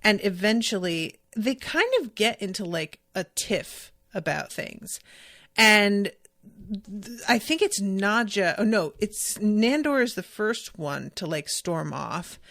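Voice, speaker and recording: A woman's voice: medium pitch, animated, slow, fairly bright tone, no room sound, clean studio sound. A woman hosting a podcast, recapping a TV episode in casual chat, rambling and correcting herself as she quotes scenes. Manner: chatty, rambling, self-correcting, quoting scenes. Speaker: podcast host.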